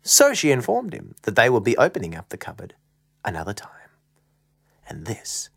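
A woman telling a children's story in a slow, playful, very expressive way. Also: very deep voice, vocal fry, husky, no echo, studio quality.

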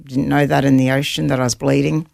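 Woman with a gravelly voice recounting survival. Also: rumbling low, little pitch movement, fast talker, darkish tone, dry recording, studio quality. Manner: vivid, earnest storytelling with quoted inner thoughts. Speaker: guest, author recounting survival at sea. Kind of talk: storytelling interview.

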